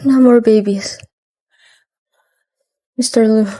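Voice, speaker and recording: A heartbroken young woman with a high voice. She pleads emotionally. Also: steady tone, slow pace, warm tone. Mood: distraught. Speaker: heroine, a clerk. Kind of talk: dubbed drama acting.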